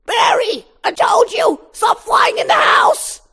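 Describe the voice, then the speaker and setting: A shrill scolding mother bee. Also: big pitch swings, takes it slowly, pushed and bright, raised voice, exaggerated voice. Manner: shrieking, scolding.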